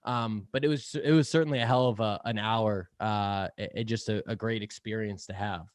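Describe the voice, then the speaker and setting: A man's voice: fairly low pitch, steady tone, normal speed, no room sound, clean studio sound. A young man speaking as a podcast guest in casual interview chat, rambling with lots of fillers, laughing often and swearing casually. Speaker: podcast guest, sales podcast host.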